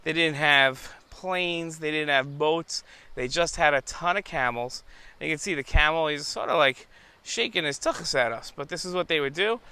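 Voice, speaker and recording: A man's voice: on the high side, normal speed, sharp tone, clean tone. A man hosting a children's show outdoors, chatting straight to young viewers in a casual, explaining way. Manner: chatty, addresses viewers directly. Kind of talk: casual on-location explaining to kids. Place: outdoors beside a camel.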